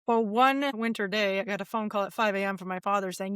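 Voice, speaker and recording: A woman in her forties, a podcast guest, telling her life story in a lively, animated way and acting out the voices of people she quotes. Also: medium pitch, quick pace, clean tone, no echo, studio quality. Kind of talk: casual storytelling interview.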